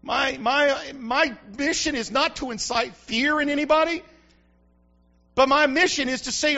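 A male pastor preaching an emphatic sermon that builds to shouts, recorded on a dull lo-fi recording. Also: very high-pitched, steady tone, normal speed. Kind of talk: fiery sermon.

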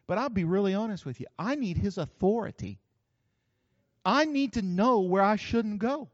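A man's voice: sits high, expressive, moderate pace, no room sound, muffled recording. A man preaching a sermon in a folksy, joking way. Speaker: pastor.

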